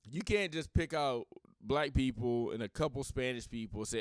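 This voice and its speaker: Podcast host, male, smooth dry voice, blunt and rambling in casual opinion talk. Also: mid-range voice, big pitch swings, normal speed, no room sound.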